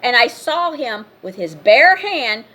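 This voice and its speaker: A woman's voice: fairly high pitch, very animated, takes it slowly, sharp tone. A woman vlogger in a casual rant to camera, blunt and scolding, repeating her points.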